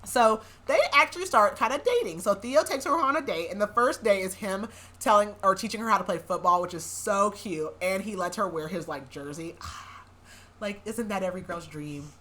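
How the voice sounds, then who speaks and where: Chatty sarcastic young woman, bright voice. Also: medium pitch, animated, a little fast. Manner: chatty, sarcastic asides, frequent likes and laughs. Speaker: podcast host. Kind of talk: casual book recap.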